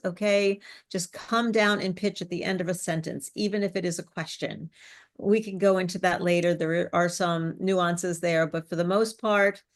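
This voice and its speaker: A woman speech coach, teaching business speaking skills, varying her pace and bringing her pitch down at sentence ends. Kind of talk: live online presentation coaching.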